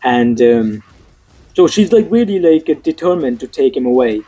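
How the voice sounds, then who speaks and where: A man's voice: mid-range voice, very animated, moderate pace, mellow, breathy edge, rough recording. A young man giving a casual, frustrated movie review, swearing often and stumbling over fillers and restarts.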